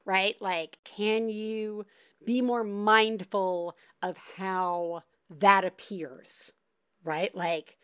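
A woman's voice: medium pitch, steady tone, very slow, fairly bright tone, clear, resonant tone, no echo, clean studio sound. A woman hosting a podcast, reassuring a caller in a loose, laughing, rambling way with many fillers. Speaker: podcast host. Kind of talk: casual advice chat.

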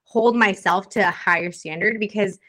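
Young woman, podcast co-host, bright voice, animated casual chat, laughs a lot. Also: mid-range voice, moderate pace. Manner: animated, laughs often, acts out quotes.

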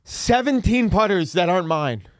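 A young man hosting a podcast, loud and excitable, swearing often in casual banter. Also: sits high, moderate pace, dry recording, clean studio sound. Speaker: comedian and podcast host.

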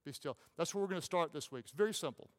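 A man preaching as a pastor, impassioned, repeating phrases and dropping to soft, slow pauses. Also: a little high. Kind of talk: sermon. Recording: long hall reverb.

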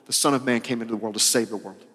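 A man preaching a sermon as pastor, emphatic and casual, repeating phrases and moving between loud and soft. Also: medium pitch, steady tone, very fast, husky. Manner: casual, uses "y'all" and slang. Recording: long hall reverb.

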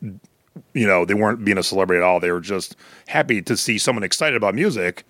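A middle-aged man with a fairly low voice spins anecdotes in relaxed podcast chat, switching into lively quoted voices. The sound is dry and close, with no room around it. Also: brisk, no room sound. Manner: storytelling, animated quoted voices. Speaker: podcast co-host. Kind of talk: casual chat.

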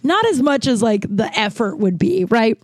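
A woman's voice: a little high, very animated, moderate pace, no echo. A woman in her thirties hosting a podcast, telling a rambling casual story and often breaking into laughter. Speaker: podcast host.

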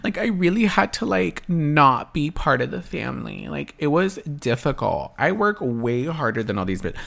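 A man's voice: on the high side, very animated, moderate pace, gravelly, fairly bright tone. A young man vlogging in a blunt, sassy rant, swearing freely and talking straight to his viewers. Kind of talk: casual rant to camera.

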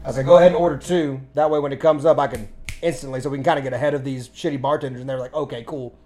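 A man's voice: medium pitch, rapid-fire. A man co-hosting a casual podcast, telling a long story about a bad restaurant customer, full of swearing and acted-out dialogue. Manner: profane, animated storytelling. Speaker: podcast co-host.

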